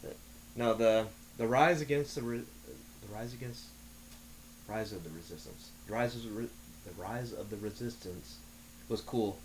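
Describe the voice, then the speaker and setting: A man chatting on a talk show, telling long stories with many halting restarts. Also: lowish voice, a little hiss or hum. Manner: rambling storyteller, halting restarts. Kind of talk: casual podcast chat.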